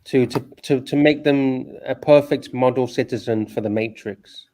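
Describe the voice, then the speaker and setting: A man co-hosts a loose livestream chat in a mid-pitched, ordinary voice. He talks with animated energy, slides into rants and laughs easily. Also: normal speed. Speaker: co-host.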